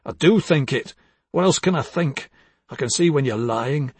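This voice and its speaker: A man reading the part of a bitter, jealous older husband, accusing and husky, dropping to hushed tones and rising to harsh outbursts. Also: mid-range voice, lively intonation, moderate pace, no room sound. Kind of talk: dramatic audiobook reading.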